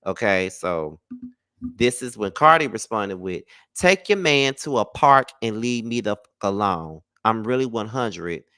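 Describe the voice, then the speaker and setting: A man's voice: fairly low pitch, animated, a little slow, pushed and bright, clear, resonant tone, dry recording, clean studio sound. A man giving casual celebrity gossip commentary in a blunt, profane and sassy way.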